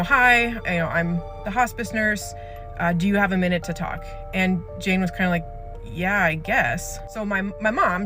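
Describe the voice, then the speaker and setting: A mid-pitched speaker tells an eerie hospital story in a loose, rambling way, full of fillers and acted-out quotes. A clear music bed plays underneath the voice. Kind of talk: casual spoken storytelling.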